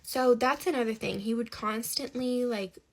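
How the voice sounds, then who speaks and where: A woman telling a personal story in a casual, animated and exasperated way. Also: on the high side, normal speed.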